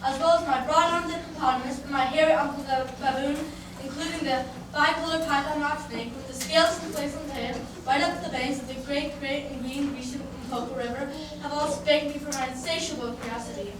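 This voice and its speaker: A woman's voice: high voice, fairly even intonation, fairly quick, lightly acted. An older woman acting a curious, polite young elephant child in an amateur stage musical. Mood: polite pleading. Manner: polite, earnest, pleading. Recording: echoey hall from far off, background noise.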